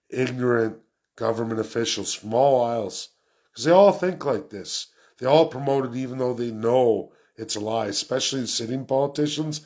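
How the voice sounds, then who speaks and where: Man, vlogger, political rant, quick, emphatic, repeats himself. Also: medium pitch, darkish tone. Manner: fast, emphatic, repeats phrases. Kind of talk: unscripted ranting monologue.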